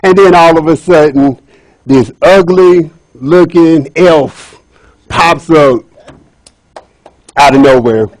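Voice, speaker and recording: A man telling a folk tale to a club audience, chatty and lively with asides to the crowd. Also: on the high side, slow pace, long pauses, no room sound, poor audio. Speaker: speaker at a speaking club. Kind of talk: storytelling speech.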